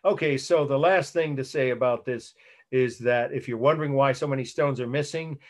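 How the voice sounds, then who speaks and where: Brief: male art history instructor, mid-pitched, casual halting delivery, video call audio. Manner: conversational, halting, with restarts and asides. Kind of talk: online lecture. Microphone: computer mic on a video call.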